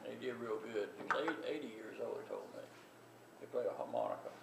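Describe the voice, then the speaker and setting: A man's voice: fairly low pitch, huge pitch swings, fast talker, creaky. An older man telling a family story in a rambling, folksy way with many restarts. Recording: distant echoey recording with loud background noise.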